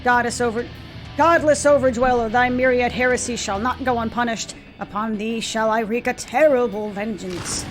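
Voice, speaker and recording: A woman voicing a huge, wrathful male earth god in a video game, with slow, grand, archaic accusations. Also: fairly high pitch, steady tone, soft background music, close to an everyday voice, rough recording.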